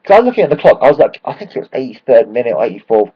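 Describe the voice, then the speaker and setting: Man, croaky voice, fan vlog rant, excitable, swears a lot, mid-pitched, dull lo-fi recording. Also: very fast. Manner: excitable, swears freely, lots of restarts. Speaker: football fan vlogger. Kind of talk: casual fan rant to camera.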